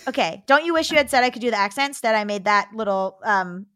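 A woman co-hosting a podcast, reading a listener's letter aloud in a steady voice and chatting casually, laughing now and then. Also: medium pitch, fast talker, dry recording, clean studio sound. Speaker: podcast co-host.

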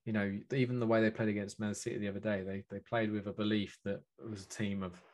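Bloke with a lowish voice thinking out loud about football teams, easygoing chat. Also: male voice, level tone, fast talker. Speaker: football podcast co-host.

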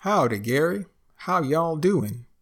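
A man voicing a down-on-his-luck friend with a folksy drawl and a gravelly voice. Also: a little high, very animated, takes it slowly, pitched above the performer's own voice, heavily acted. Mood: upset.

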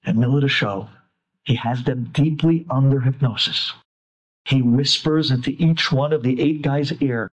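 A man, a rabbi, telling a story in an animated way, acting out the voices of the people in it. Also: mid-range voice, moderate pace, slightly rough.

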